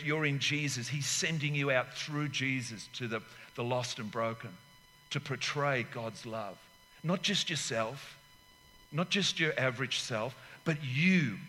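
A man's voice: mid-range voice, bright, forceful tone, big-room sound. A man in his sixties preaching a sermon as pastor, emphatic and rambling, with asides where he acts out little scenes.

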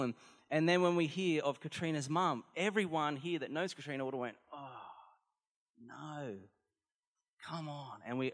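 Male pastor, earnest conversational sermon delivery, average pitch, reverberant church hall. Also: a bit bright.

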